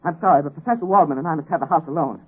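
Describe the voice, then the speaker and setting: A man playing an obsessed, grandiose young scientist in a 1930s radio drama, with theatrical swings from hushed to exultant delivery. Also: fairly high pitch, very fast, slightly rough. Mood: urgent. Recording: tinny old radio recording with hiss.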